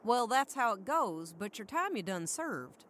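Audio drama: a shrewd country sheriff, folksy and bossy, slow and bouncy. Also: female voice, medium pitch, very animated, a bit bright, slight background noise. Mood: firm. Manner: folksy country talk, teasing and commanding. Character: folksy small-town female sheriff, shrewd and kindly.

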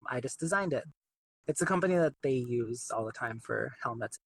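A young man, an artist guest in an interview, talking in a chatty, relaxed way with plenty of fillers. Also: medium pitch, fairly quick, vocal fry, slightly rough, rough recording. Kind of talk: casual interview.

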